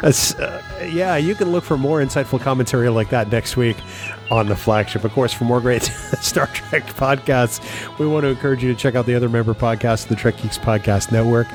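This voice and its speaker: A man's voice: mid-range voice, fairly quick, over music. Dry teasing podcast host man. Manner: dry, teasing, some hesitant fillers. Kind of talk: casual podcast banter and show outro.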